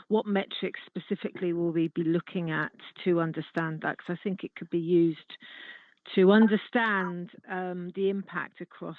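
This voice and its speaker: A woman's voice: fairly low pitch, dry recording. Woman speaking over a tinny line. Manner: earnest, thinks aloud with many restarts. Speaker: committee member. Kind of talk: meeting discussion.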